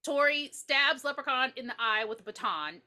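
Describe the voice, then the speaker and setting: A woman's voice: high voice, moderate pace. A woman co-hosting a podcast, chatting casually and animatedly as she retells a film's plot, acting out the characters. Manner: animated, acts out characters, laughs often. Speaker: podcast co-host. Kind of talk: casual movie review chat.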